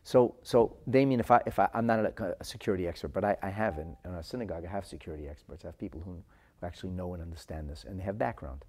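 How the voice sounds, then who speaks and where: A man teaching a Chassidic class to viewers, animated, repeating words as he searches for the right phrasing, and dropping into his talk. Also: low voice, racing. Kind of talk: live-streamed Torah class answering viewer comments.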